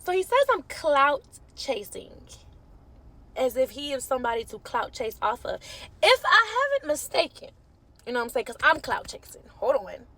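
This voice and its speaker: A woman's voice: high voice, very animated, moderate pace, sharp tone. A woman heatedly calling someone out to camera, sassy and cursing, mocking him as she goes. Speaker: social media creator in a feud.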